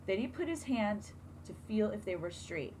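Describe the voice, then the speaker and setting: A woman teacher reading a picture book aloud to children, expressive and asking them questions along the way. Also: medium pitch, moderate pace, a little hiss or hum, poor audio.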